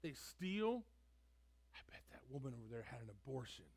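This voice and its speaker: A man's voice: medium pitch, very animated, normal speed, vocal fry, darkish tone, slightly rough, exaggerated voice. A man voicing a scoffing male Pharisee in a sermon role-play, sneering and firing incredulous questions. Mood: scornful. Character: scoffing male Pharisee, judgmental religious leader.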